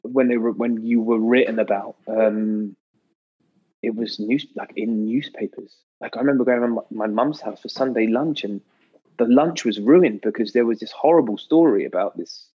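A British man chatting as a podcast guest, telling stories in a lively way and acting out quotes with sudden pitch jumps. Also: moderate pace, husky, dull audio. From Britain. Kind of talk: casual anecdotal chat.

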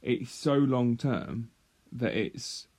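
A man co-hosting a podcast, speaking thoughtfully and haltingly in casual chat. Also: mid-range voice, darkish tone, breathy edge. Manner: thoughtful, halting, restarts a lot. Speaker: podcast co-host.

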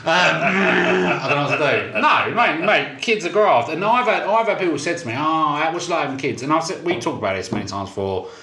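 A man, co-hosting a podcast and telling stories with lots of swearing and quick restarts. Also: on the high side, expressive, bright, forceful tone. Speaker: podcast co-host. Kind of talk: casual banter. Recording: echoey room, faint noise.

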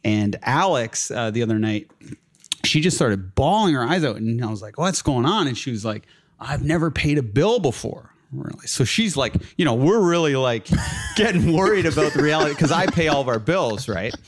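A man's voice: medium pitch, lively intonation, moderate pace. A young man telling a long personal story in a casual chat as a guest, full of fillers like "like" and "uh". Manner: rambling, filler-heavy, laughs through his stories.

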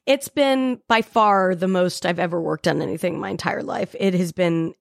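A young woman guesting on a podcast, speaking in a relaxed, soft-spoken way. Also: fairly low pitch, moderate pace, gravelly, no room sound, studio quality. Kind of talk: casual chat.

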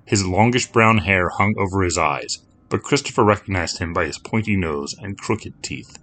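Low-voiced man narrating a story. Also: a little hiss or hum. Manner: measured, steady storytelling. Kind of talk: scripted narration.

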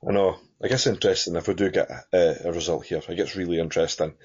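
Low husky Scottish man rambling. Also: fairly even intonation, fast talker, a little mellow. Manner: rambling, many fillers and restarts, chuckling. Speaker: podcast co-host. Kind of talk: casual football chat. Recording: dull lo-fi podcast audio.

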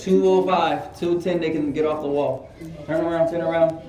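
A man teaches a class, moving between English and Arabic and handing out firm, brisk orders to the students. His voice sits a little high and comes from some distance away. The room echoes, and the chatter of a crowd of students fills the background. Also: steady tone, warm tone.

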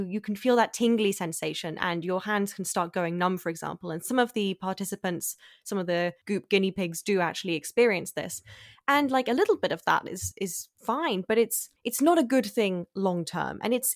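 A woman co-hosting a podcast who explains things in a measured way, stressing key words through deliberate repetition. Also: medium pitch, no room sound, clean studio sound. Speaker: podcast co-host. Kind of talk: explanatory casual chat.

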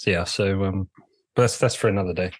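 A man's voice: deep voice, steady tone, a little fast, dry recording. A man co-hosting a podcast in casual chat, hesitant and often repeating words. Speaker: podcast co-host.

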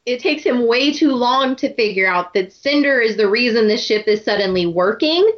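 A woman hosting a casual book club chat, animated and laughing often. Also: a little high, moderate pace, lo-fi sound. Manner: animated, laughs often, acts out characters' lines. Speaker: podcast host.

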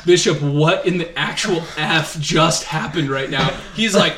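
Man, podcast storyteller, animated and laughing; echoey room, crowd noise in the background. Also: on the high side, moderate pace, few pauses. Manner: lively, laughing, acts out quotes of others. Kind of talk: casual podcast chat, storytelling.

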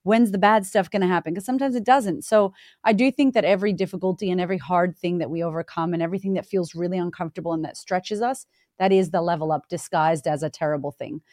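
A woman, a confidence coach guesting on a podcast, telling stories in an animated way and acting out quotes. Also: on the low side, fast, no echo, clean studio sound. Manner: animated storyteller, acts out quotes. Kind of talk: casual podcast interview.

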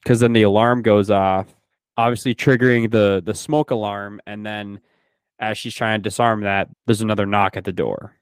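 Low-voiced man recapping a movie. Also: normal speed, clean tone, no echo. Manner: animated retelling, acts out quoted lines. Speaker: podcast host. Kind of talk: casual movie discussion.

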